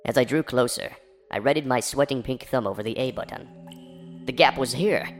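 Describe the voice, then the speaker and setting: A man narrating an absurd horror story parody in a deadpan storytelling manner. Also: medium pitch, brisk. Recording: faint background music.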